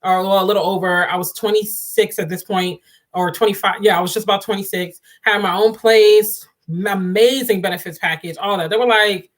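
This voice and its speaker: A woman livestream host chats casually and animatedly, addressing her viewers directly as "y'all" and laughing often. She has a mid-range voice and a brisk pace.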